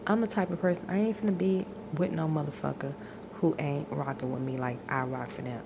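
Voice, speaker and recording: A woman's voice: low voice, fairly even intonation, brisk, background noise. A woman in an exasperated, profane personal rant, tired and venting, her voice climbing into outbursts. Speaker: vlogger venting.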